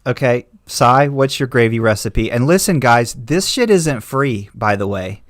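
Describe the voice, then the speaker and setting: A man's voice: mid-range voice, animated, unhurried, no room sound. Joking male host, dry sound. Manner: joking, rambling. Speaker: show host. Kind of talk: casual livestream chat.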